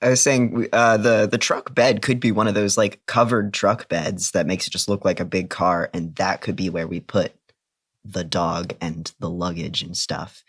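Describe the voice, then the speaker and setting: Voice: low-pitched, fairly even intonation, moderate pace, husky. A tabletop role-playing game player who explains rules in a casual chat.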